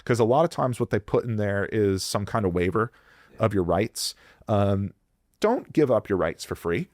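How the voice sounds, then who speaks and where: A man's voice: on the low side, lively intonation, moderate pace, a little mellow, dry recording, studio quality. A man giving blunt, profane workplace advice in a podcast interview, often acting out quoted voices. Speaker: employment lawyer guest.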